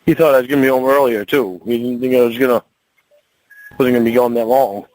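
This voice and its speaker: A man's voice: medium pitch, steady tone, fast talker, a little mellow, dry recording, poor audio. A man who drives trucks, arguing at home, swearing constantly and stumbling over his words. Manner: profane, rambling, stumbling restarts. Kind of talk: heated domestic argument.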